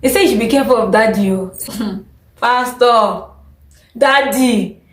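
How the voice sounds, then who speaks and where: A woman's voice: mid-range voice, rapid-fire, a little mellow, echoey room, rough recording. A woman vlogging her opinions in a chatty, opinionated way, often breaking into laughter. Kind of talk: casual opinion vlog.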